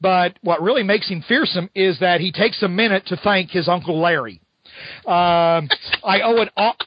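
A man's voice: high-pitched, normal speed, dry recording, dull audio. A man co-hosting a podcast, casually recapping a comic book with rambling, amused storytelling. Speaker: podcast co-host.

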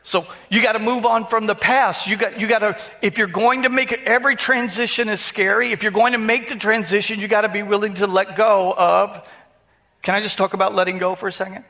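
A man's voice: high-pitched, fairly even intonation, brisk, pushed and bright. A man preaching a sermon to his congregation in a conversational style, often repeating words and asking the room questions. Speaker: pastor. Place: church.

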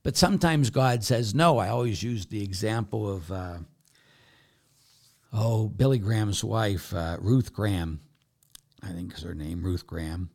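Middle-aged male Catholic priest, lowish voice, emphatic preaching style with loud and soft swings. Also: a little slow, vocal fry, pauses often.

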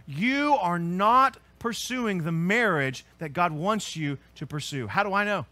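A man preaching as pastor, earnest and emphatic, swelling to loud peaks and then dropping low and quiet. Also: lively intonation, moderate pace, hardly any pauses, dry recording. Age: adult with children. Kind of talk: sermon.

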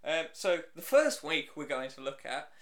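A man's voice: a little high, very animated, moderate pace, fairly bright tone. A man co-hosting a podcast, teasing his co-host and laughing often in casual banter.

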